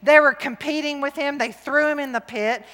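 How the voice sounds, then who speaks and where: High, bright middle-aged woman preaching. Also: moderate pace. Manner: lively, jokey and emphatic, swinging from loud to hushed. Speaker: women's conference speaker. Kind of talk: sermon. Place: large church hall. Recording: long hall reverb.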